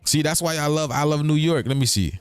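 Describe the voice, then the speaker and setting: With a fairly high, expressive voice that moves fairly quickly and smoothly, a livestream host rambles casually, splitting words apart and riffing on them. He repeats himself and often checks in with his audience. The recording is dry, with soft background music.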